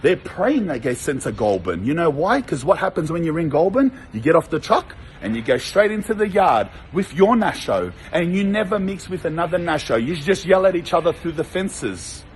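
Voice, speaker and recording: A man's voice: on the high side, big pitch swings, moderate pace, few pauses, a little hiss or hum, poor audio. A young Australian man, a former prisoner, telling stories in a blunt, profane, rambling way full of slang. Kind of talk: casual monologue.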